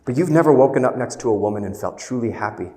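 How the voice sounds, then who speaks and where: A man playing a weary, blunt middle-aged therapist as he retells a film scene with quick, emphatic delivery. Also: mid-range voice, lively intonation, warm tone, natural voice. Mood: earnest. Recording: roomy hall with long reverb.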